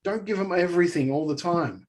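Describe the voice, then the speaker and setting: A man with a fairly high voice rants on a casual podcast, animated and exasperated as he talks. He co-hosts the show and keeps the chat loose. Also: fairly quick. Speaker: podcast co-host.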